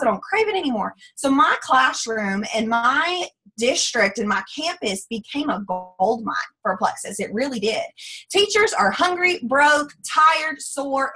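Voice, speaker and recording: A woman in her late twenties, a former teacher telling her story in a bubbly, chatty, animated way. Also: on the high side, slightly rough, rough recording. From Texas. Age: 20s. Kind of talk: casual testimonial talk.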